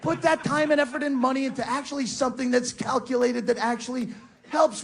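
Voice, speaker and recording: A man's voice: very high-pitched, fairly even intonation, a little fast, vocal fry. A man doing a profane, sarcastic stand-up rant in front of a live audience. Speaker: stand-up comedian. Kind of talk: stand-up comedy set. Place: live comedy venue with audience. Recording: live stage recording with crowd.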